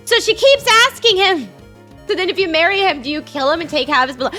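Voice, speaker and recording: A woman's voice: very high-pitched, expressive, fast talker, bright, forceful tone, soft background music. A young woman from Canada's west coast, streaming and chatting casually while gaming, giggly and rambling. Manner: giggly, rambling, lots of restarts and repeats.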